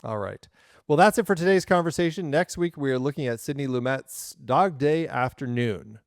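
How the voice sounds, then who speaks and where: Gravelly-voiced man co-hosting a podcast. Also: medium pitch, moderate pace, dry recording, studio quality. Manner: relaxed, amused, with filler words. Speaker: podcast co-host. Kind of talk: casual film-podcast chat.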